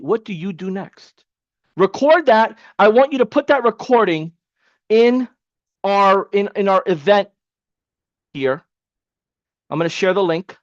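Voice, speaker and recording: A man coaching an online class in a casual, energetic, motivational way, repeating himself for emphasis. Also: high-pitched, unhurried, long pauses, no room sound, dull audio. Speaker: webinar coach. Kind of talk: live online training.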